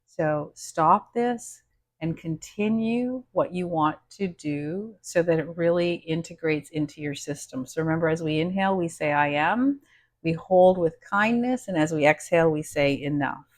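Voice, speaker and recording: In a low-pitched voice, a woman leads a guided self-help session, gentle and encouraging. She checks in with the listener often and counts slowly through breathing exercises.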